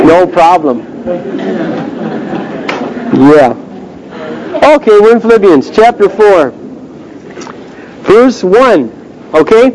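A man's voice: high voice, darkish tone, slight background noise, low-quality recording. A man teaching a Bible class in a casual, conversational way, joking with the group and then turning earnest about the verses. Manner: joking, conversational asides between verse readings; earnest, emphatic about the text.

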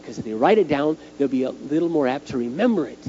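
A middle-aged man preaching a sermon, telling stories in an animated way and acting out the scenes. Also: mid-range voice, quick pace. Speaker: youth speaker. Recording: dull lo-fi tape with faint hum.

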